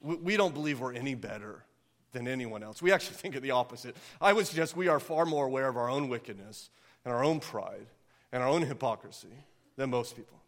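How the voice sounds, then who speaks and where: A man preaching a sermon as pastor, impassioned and earnest, building to near-yelling and then softening. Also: medium pitch, lively intonation, fast talker.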